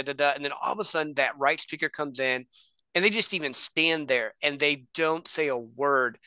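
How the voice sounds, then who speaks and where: Bright, dry-sounding male podcast host. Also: on the high side, clear, resonant tone, no echo. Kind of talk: casual podcast conversation.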